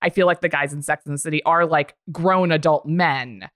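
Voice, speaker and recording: A woman's voice: deep voice, fairly even intonation, a little fast, a bit bright, dry recording, studio quality. A woman co-hosting a casual chat, rambling frankly in sentences that trail off. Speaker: podcast co-host.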